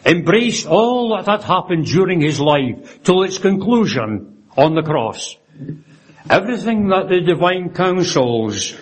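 A man preaching a sermon, earnest and reverent, quoting scripture and often closing a point with a tag question, with frequent restarts. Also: on the high side. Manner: stumbles and restarts phrases.

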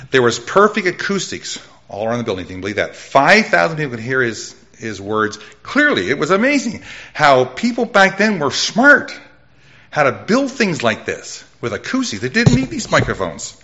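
A middle-aged man preaching his life testimony with a loud voice, telling his story with lively jumps in pitch. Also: lo-fi sound. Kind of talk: testimony sermon.

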